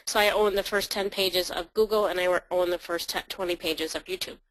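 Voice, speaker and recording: A woman's voice: on the low side, fairly even intonation, brisk, no room sound, rough recording. A woman telling a business story in a chatty, blunt way, with lots of fillers and acted-out quotes. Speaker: online marketer telling a story. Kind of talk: casual storytelling.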